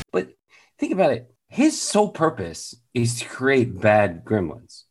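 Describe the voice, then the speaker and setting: A man's voice: very animated, moderate pace, faint music behind. A man co-hosting a podcast, joking casually and breaking into silly voices. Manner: jokey, bursts into squeaky put-on voices. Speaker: podcast co-host. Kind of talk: casual chat.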